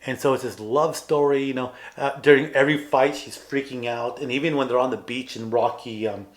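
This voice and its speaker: A man's voice: medium pitch, steady tone, brisk. A man co-hosting a podcast in casual chat, earnestly retelling film scenes and acting out the characters' lines. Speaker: podcast co-host.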